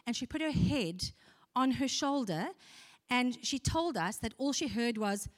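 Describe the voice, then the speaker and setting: A woman's voice: high-pitched, big pitch swings, a little slow. A woman preaching a sermon, earnest and conversational, asking the congregation questions. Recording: long hall reverb.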